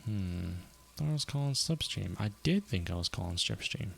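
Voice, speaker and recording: A man streaming a video game, reading its narration aloud and reacting with quick casual asides. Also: on the low side, animated, creaky, a bit bright, slight background noise. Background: game music.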